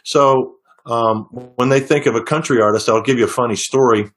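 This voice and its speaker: A man's voice: medium pitch, moderate pace. Rambling man telling music stories. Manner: rambling storyteller with frequent restarts. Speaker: singer-songwriter guest. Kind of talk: casual interview talk.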